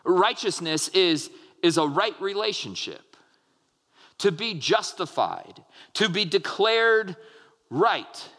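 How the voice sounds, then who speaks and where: A man's voice: sits high, expressive, takes it slowly, fairly bright tone. A man, a pastor, preaching earnestly to his congregation, restarting phrases as he explains and acts out short quotes. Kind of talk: sermon. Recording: long hall reverb.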